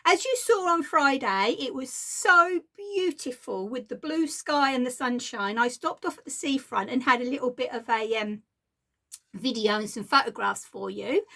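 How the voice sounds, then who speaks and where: A woman from southeast England chatting casually on a craft vlog, slightly croaky, rambling and laughing often. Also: high-pitched, a bit bright. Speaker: craft podcaster.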